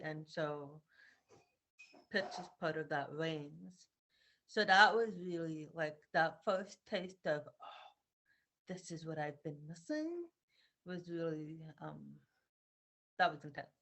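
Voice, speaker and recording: A woman's voice: fairly low pitch, fairly bright tone. A young woman giving a personal video diary update at home, talking reflectively and earnestly with many ums. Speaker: vlogger.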